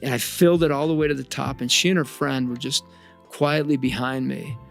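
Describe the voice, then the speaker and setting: Earnest gravelly-voiced father telling stories. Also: mid-range voice, fairly even intonation, a little fast, soft background music. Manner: earnest, reflective, with frequent restarts and small laughs. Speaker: father sharing a parenting lesson. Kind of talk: personal storytelling to camera.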